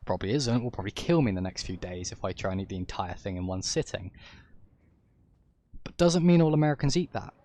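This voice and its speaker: Ranting casually on his livestream, an English streamer with an English accent rambles opinionatedly and keeps correcting himself. He talks fast in a lowish, warm, expressive voice.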